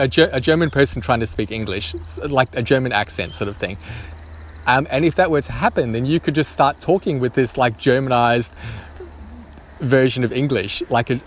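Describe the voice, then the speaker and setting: A man thinks out loud in a casual vlog at a middling pitch. He stumbles through his ideas, restarting sentences and filling the gaps with ums. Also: slight background noise. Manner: hesitant, many restarts and ums. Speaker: vlogger. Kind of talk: spontaneous musing to camera.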